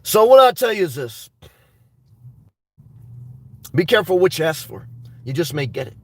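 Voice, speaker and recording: High-voiced man rambling to live chat. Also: sing-song, moderate pace. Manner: rambling and off-the-cuff, with frequent restarts; blunt and crude humor. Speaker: livestream host reading chat. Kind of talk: casual live-chat talk.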